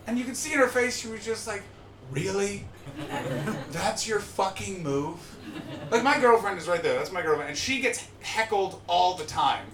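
A man hosting a live comedy podcast in front of an audience, ranting and swearing, swinging from muttered asides to shouting. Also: high voice, expressive, a little fast, hardly any pauses, crowd noise. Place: live show venue with audience. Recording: echoey live venue.

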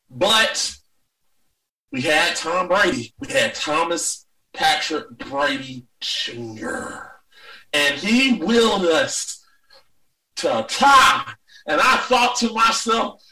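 A man's voice: high voice, unhurried, recorded from a distance, rough recording. A man co-hosting a casual sports chat, ranting and swearing with lots of energy. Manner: profane, ranting, animated. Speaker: podcast co-host.

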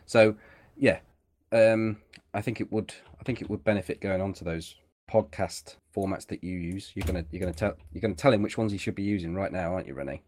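Low-voiced guy rambling and joking on a gaming podcast, pretty laid back. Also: brisk, few pauses, a little mellow. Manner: chatty, rambling, teasing. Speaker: podcast co-host. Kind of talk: casual chat while gaming.

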